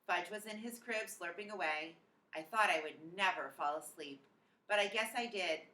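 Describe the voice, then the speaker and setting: A woman teacher reading a children's chapter book aloud in an expressive storytelling manner. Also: lowish voice, moderate pace, distant mic. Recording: echoey room, off-mic.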